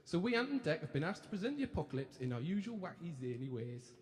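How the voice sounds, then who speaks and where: Crowd laughter fills an echoey hall as a man onstage mimics two chirpy young male TV presenters in a Geordie accent, brash, sweary and mock-cheerful. He pitches his voice on the high side, very animated and quick.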